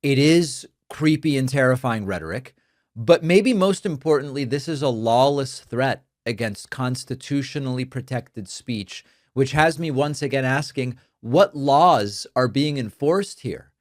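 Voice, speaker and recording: A man who grew up speaking Spanish, hosting a political commentary show and talking in an earnest, emphatic, measured way into a studio microphone. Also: medium pitch, dry recording. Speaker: show host. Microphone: studio dynamic microphone.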